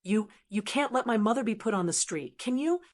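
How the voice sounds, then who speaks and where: A woman's voice: on the high side, lively intonation, a little fast. A woman doing a frantic, stammering daughter-in-law. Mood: begging. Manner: shrieking, pleading, stammering.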